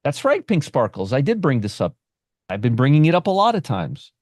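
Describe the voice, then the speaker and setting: A man's voice: medium pitch, huge pitch swings, fairly quick, darkish tone, no room sound, studio quality. A man hosting a live stream on options trading, brash and sarcastic, answering viewers from the chat by name.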